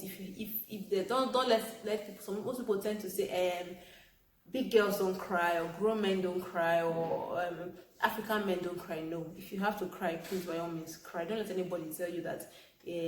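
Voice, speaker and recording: Young woman, casual vlog to camera, earnest and repetitive, lowish voice, roomy echo. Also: slight background noise. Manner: earnest, repetitive, emphatic, with soft laughs. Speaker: vlogger. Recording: echoey room with faint background ambience.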